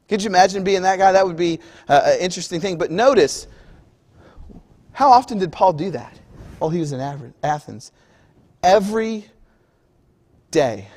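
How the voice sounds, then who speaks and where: A man's voice: high-pitched, expressive, normal speed, pauses often, a little mellow. A male preacher giving a conversational sermon, acting out everyday scenes for the congregation in a church. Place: church auditorium. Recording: long hall reverb.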